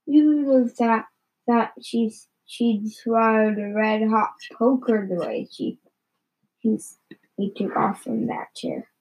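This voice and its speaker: Slow, halting woman reading a story. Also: on the high side, steady tone, a little mellow, slightly rough, low-quality recording. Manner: halting, with frequent stumbles and repeats. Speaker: reader.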